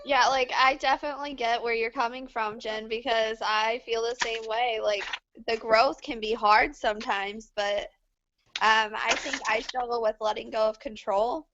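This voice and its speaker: A woman's voice: a little high, fairly even intonation, moderate pace, lo-fi sound, noisy background. A woman in a team coaching group hedging her thoughts with many fillers over a video call. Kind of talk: casual group discussion.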